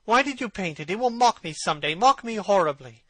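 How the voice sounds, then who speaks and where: A vain young man, voiced by a male reader, speaks passionately and pleadingly in a raised, bright voice. The recording is close and dry. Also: sits high, lively intonation, a little fast, no room sound, pitched above the performer's own voice. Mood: anguished. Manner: impassioned, pleading.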